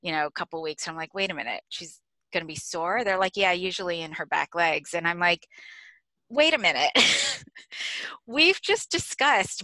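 A woman's voice: lowish voice, pushed and bright, dry recording, poor audio. A middle-aged American woman co-hosting a podcast, telling a story animatedly and laughing as she goes. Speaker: podcast co-host. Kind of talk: casual storytelling chat.

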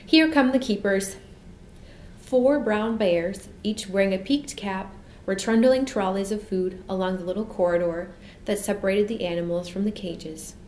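Female storybook narrator, mid-pitched, measured and expressive; roomy echo, faint hiss. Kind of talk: storybook read-aloud. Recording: echoey room.

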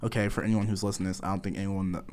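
A man's voice: sits low, little pitch movement, rapid-fire, a little mellow. A young man from the US East Coast, co-hosting a casual podcast, rambling, leaning heavily on "like" and swearing freely. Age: young adult. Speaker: podcast co-host.

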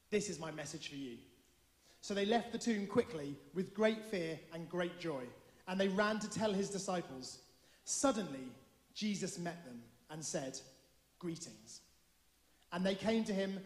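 High-voiced man reading scripture in a hall. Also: animated. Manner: measured, formal reading. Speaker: scripture reader. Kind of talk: liturgical Bible reading. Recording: echoey hall, long reverb.

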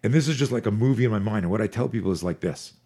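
A man in his forties, a fear management expert on a podcast, talking in an energetic, profane, storytelling way. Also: lowish voice, rapid-fire, breathy edge. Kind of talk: podcast conversation.

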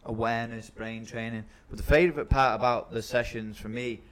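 A man's voice: mid-range voice, steady tone, brisk, fairly bright tone. A man hosting a casual podcast as a football coach, talking eagerly and promoting his camps.

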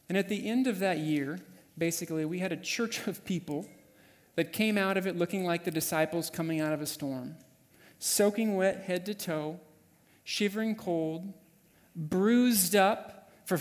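Male pastor, higher voice, storytelling sermon, animated, echoing church hall. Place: church sanctuary.

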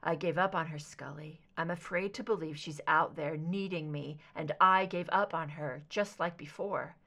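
A woman voicing a troubled, guilt-ridden grown man in an audiobook reading, speaking in a low, halting way. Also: fairly even intonation, sharp tone. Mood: shaken.

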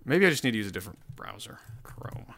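Rambling, animated man ranting solo. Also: mid-range voice, fast, gravelly, husky. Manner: rambling, profane, self-interrupting. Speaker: solo show host. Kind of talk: casual solo rant.

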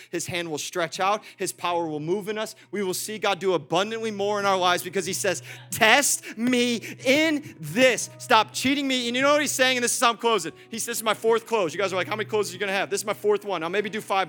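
Man, pastor, very high voice, bright and forceful, impassioned sermon, repeated emphatic lines, faint music behind.

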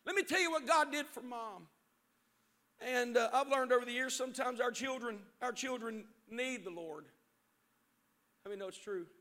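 A middle-aged man preaching a sermon as pastor in a church sanctuary, swinging between shouted appeals and hushed storytelling. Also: very high voice, normal speed, pauses often.

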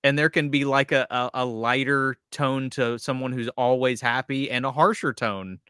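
Bright-voiced young man, musing. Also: medium pitch, steady tone, normal speed, clear, resonant tone, dry recording, studio quality. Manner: hesitant restarts, reflective. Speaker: podcast co-host. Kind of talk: casual chat.

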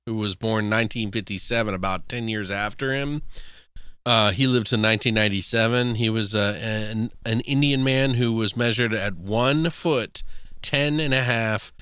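Man, podcast host, casual chat, profane, crisp voice, dry close sound. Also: on the low side, moderate pace, bright, forceful tone, dry recording. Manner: casual and profane, recapping plots with trivia. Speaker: podcast co-host reviewing movies.

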